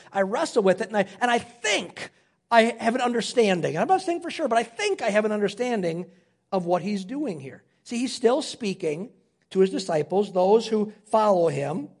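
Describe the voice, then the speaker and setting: A male pastor preaching an earnest sermon, slowing down and dropping low when reading scripture. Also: a little mellow.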